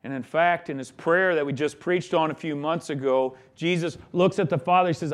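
A man's voice: a little high, normal speed, hardly any pauses. A man preaching a sermon, emphatic, with his voice rising and dropping in volume. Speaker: pastor.

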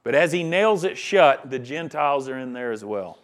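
A man's voice: mid-range voice, lively intonation, normal speed. A man preaching a sermon in an emphatic, conversational way, often checking in with the listeners. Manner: emphatic, conversational preaching with frequent "right?" asides. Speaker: pastor.

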